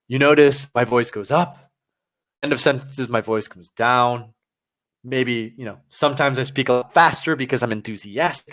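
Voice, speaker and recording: A man teaches test preparation on a livestream, speaking straight to his viewers with energy and directness. His mid-range voice moves at normal speed.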